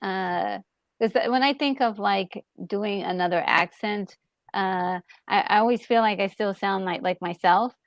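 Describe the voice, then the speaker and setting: A woman's voice: medium pitch, a little slow, dry recording. A woman guest on a live stream who laughs easily and asks hesitant, curious questions. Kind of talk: casual group chat on a live stream.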